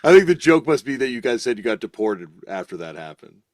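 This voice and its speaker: A man hosting a podcast, chatting casually and asking follow-up questions in a relaxed way. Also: medium pitch, a little fast. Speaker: podcast host. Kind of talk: casual interview chat.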